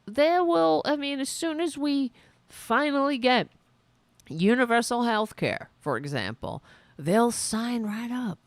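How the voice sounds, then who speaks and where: A woman's voice: fairly high pitch, expressive, takes it slowly, dry recording. Sarcastic New York woman host. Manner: blunt, sarcastic, scornful. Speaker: podcast host. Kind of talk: opinionated commentary on clips.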